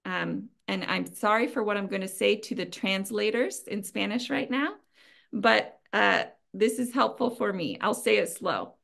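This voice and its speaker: Creaky-voiced woman giving practical advice. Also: medium pitch, unhurried, a bit bright. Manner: earnest, advising, frequent ums and light laughs. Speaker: webinar presenter. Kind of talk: conversational training talk.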